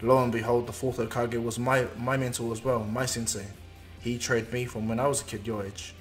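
A man voicing an earnest, humble male ninja teacher who speaks haltingly in a fan-told anime story. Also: medium pitch, level tone, soft background music, natural voice.

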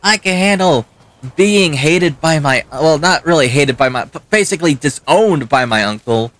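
A man's voice: fairly high pitch, expressive, normal speed, fairly bright tone, no room sound. A young man swearing and ranting as he comments on his own gameplay. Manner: profane, ranting, talks back to the game. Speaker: gaming channel host. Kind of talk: let's play commentary.

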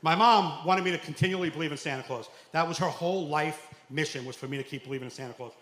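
Loud New comic in an echoey club. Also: male voice, fairly high pitch, quick pace. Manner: loud storytelling with acted quotes, shouting punchlines. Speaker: stand-up comedian. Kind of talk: stand-up set. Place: comedy club stage. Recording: echoey club room, faint noise.

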